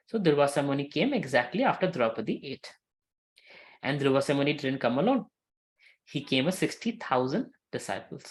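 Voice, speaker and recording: Man, scripture teacher, animated storyteller, middling pitch. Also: a little fast. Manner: animated storytelling with acted quotes and many fillers. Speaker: spiritual teacher.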